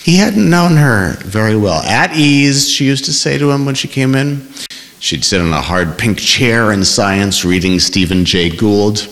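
A man reading a novel aloud in measured, expressive scripted narration, also speaking the shy bookseller's lines. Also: mid-range voice, long reverb tail. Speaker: audiobook narrator.

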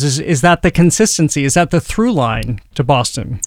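Male radio host, fairly high voice, dry studio sound, measured questions. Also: sing-song, dry recording. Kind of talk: interview hosting.

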